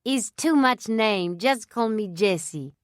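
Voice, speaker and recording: A woman voicing a lively petite young Italian ballet dancer who speaks broken English with an Italian accent and a teasing, bossy manner. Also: mid-range voice, slow pace, no echo, studio quality, voice pushed up. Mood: playful.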